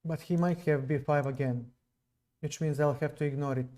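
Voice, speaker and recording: A man's voice: a little high, steady tone, normal speed, mellow. A man from Serbia with a non-native English accent, streaming chess live and musing to viewers between moves. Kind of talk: live stream commentary while playing.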